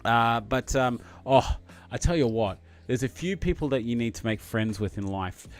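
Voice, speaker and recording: A man with an Australian accent chatting casually on a live stream, excitable and full of fillers. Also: medium pitch, normal speed.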